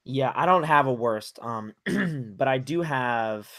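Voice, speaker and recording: A man's voice: mid-range voice, lively intonation, slow pace, fairly bright tone, no room sound, clean studio sound. A man co-hosting a podcast, chatting casually about video games, hesitant and earnest with many restarts. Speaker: podcast co-host.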